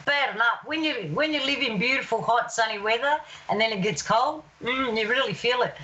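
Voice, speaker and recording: A woman's voice: a little high, brisk, bright, forceful tone, dull audio. A woman, a guest organizer chatting on a live show, friendly and laughing easily. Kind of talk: casual live-show chat.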